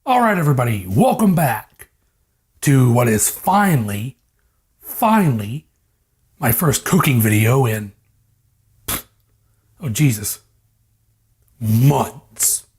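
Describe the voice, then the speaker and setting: A man's voice: mid-range voice, big pitch swings, slow pace, pauses often, darkish tone, breathy edge. A young man hosting a casual home cooking vlog, rambling, joking and swearing, recorded on a lavalier mic in a kitchen. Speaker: cooking vlogger. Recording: fridge hum in the background.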